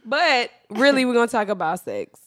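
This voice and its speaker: A woman's voice: fairly high pitch, sing-song, normal speed, a bit bright, dry recording, clean studio sound. A woman co-hosting a podcast in casual chat, leading the topics in a frank, playful way. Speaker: podcast co-host.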